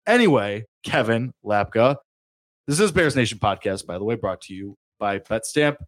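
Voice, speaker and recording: A man hosting a casual sports podcast, animated and self-mocking, given to rants. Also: fairly low pitch, normal speed. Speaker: podcast host.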